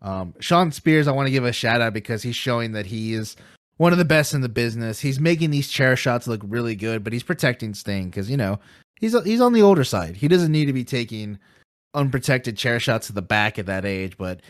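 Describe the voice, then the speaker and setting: A man co-hosting a casual wrestling podcast, relaxed and recapping matches in detail. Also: mid-range voice, a little fast, no echo, clean studio sound. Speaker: podcast co-host.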